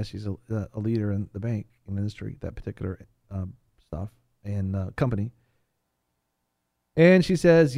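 A man with a mellow, warm voice chatting on a talk show panel. He tells rambling, animated stories, often restarting his sentences. The sound is dry and close. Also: lowish voice, normal speed, gravelly, no room sound. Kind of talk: casual chat.

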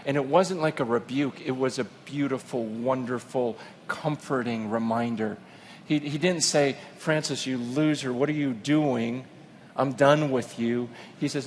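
A middle-aged man preaching a sermon, telling a personal story with emotion, dropping to a hush and then building to fervent emphasis. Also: mid-range voice, steady tone, moderate pace, a little hiss or hum. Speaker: pastor.

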